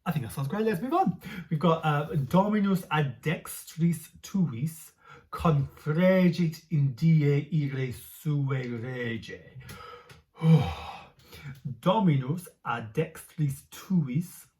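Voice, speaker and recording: A woman leading a choir rehearsal, chanting Latin phrases slowly and adding soft, quick tips in an encouraging, relaxed way. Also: sits low. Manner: chanting slow Latin demonstrations between quick, soft asides. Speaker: choir leader.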